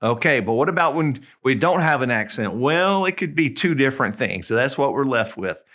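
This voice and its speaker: A man with a Southern US accent gives a casual video lesson. He sounds friendly and chatty, at a mid pitch for a man, and slows down to spell out each example. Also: lively intonation, fairly bright tone. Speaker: Spanish tutor.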